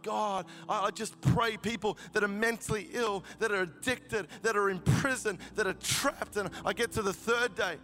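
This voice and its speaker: A man preaches a testimony sermon in a storytelling way that builds to fervent emotion. His voice sits high and sounds bright and forceful. Faint music plays behind him. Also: long reverb tail. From Australia.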